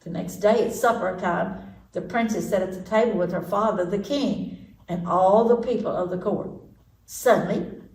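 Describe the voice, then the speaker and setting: Woman reading a kids' storybook aloud, animated, roomy echo, mic a way off. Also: mid-range voice, normal speed. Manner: animated, lively read-aloud with sound effects. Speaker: library storytime reader. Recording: echoey room, distant mic.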